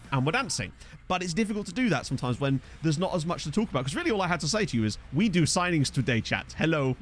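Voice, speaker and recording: Lively, jokey male streamer. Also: on the high side, slight background noise. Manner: rambling, jokey, reads out chat messages. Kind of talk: casual live-stream chat over gameplay. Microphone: desk microphone.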